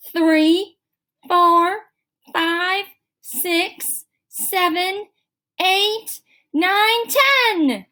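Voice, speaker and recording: Woman reading aloud to kids, high voice, lively, slow and expressive. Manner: expressive, unhurried storytelling. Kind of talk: reading a children's novel aloud.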